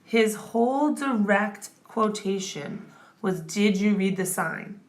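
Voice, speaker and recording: A woman tutor walks through a grammar point at an unhurried, deliberate pace. Her pitch sits in a middle range. She stops often to check that the listener is following. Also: animated. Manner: patient, checks in with "okay?" and "right?". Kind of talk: classroom explanation.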